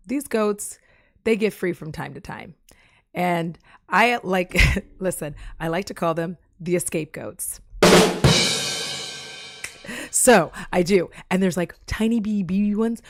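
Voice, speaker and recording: A woman's voice: fairly low pitch, dry recording, studio quality. A woman chatting casually on her live stream, rambling from topic to topic and cracking jokes and puns. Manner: jokey, rambling, fond of puns. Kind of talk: casual chat.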